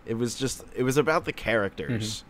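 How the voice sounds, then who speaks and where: A young man co-hosting a casual movie podcast, animated and full of fillers. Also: medium pitch, fairly quick, a little hiss or hum. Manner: animated, filler-heavy, laughs often. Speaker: podcast co-host. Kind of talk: casual chat.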